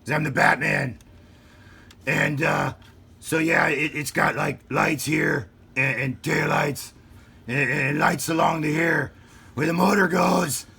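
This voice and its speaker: A man putting on a comic impression of Batman, a gruff boastful male vigilante, with a gravelly, loud and strained voice in a hobby video. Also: fairly high pitch, fairly even intonation, takes it slowly, voice pushed up, exaggerated voice. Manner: over-the-top growl while showing off a toy car.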